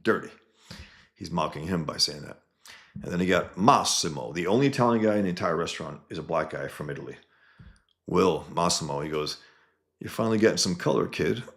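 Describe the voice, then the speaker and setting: Low-voiced man rambling about his comic. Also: a little fast, a bit bright. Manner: rambling, with many restarts and asides. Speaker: cartoonist presenting his own comic book. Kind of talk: casual talk to viewers while showing pages.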